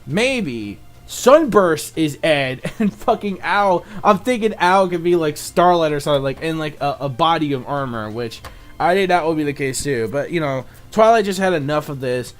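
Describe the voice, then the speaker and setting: A young man reviewing a cartoon episode in casual, rambling talk, excitable and profane, full of fillers, now and then mock-shouting in a high, exasperated voice. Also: normal speed. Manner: rambling, excitable, swears a lot, fills with "like" and "you know".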